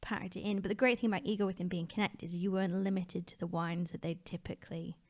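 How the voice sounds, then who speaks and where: Woman, travel podcast co-host, slightly low voice, casual chat, hesitant recollection. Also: fairly even intonation, fast. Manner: easygoing, hesitant recollection with many fillers. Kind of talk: casual conversational storytelling.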